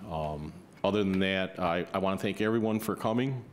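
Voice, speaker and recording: Deep-voiced alderman speaking haltingly. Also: slight background noise. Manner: halting, many fillers and restarts. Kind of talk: council meeting remarks. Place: council chamber.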